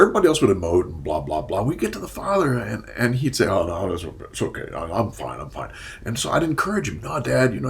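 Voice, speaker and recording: Gravelly older man, lively monologue. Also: mid-range voice. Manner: animated, rhetorical questions, drops into whispered asides. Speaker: therapist and commentator. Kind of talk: casual monologue commentary.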